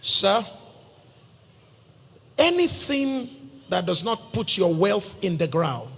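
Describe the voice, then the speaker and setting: A Nigerian man preaches in a high, husky voice, joking and telling stories as he keeps calling his listeners sir. His sermon rings out with a long reverb from a large hall. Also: big pitch swings, slow pace, bright, forceful tone. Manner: storytelling, humorous, addresses listeners as sir. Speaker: pastor.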